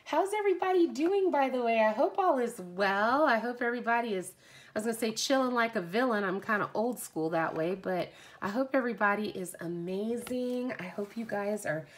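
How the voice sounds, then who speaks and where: A woman hosting a live oracle card reading, slow and effusive, greeting viewers by name and offering spiritual encouragement. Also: a little high. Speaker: oracle card reader, livestream host.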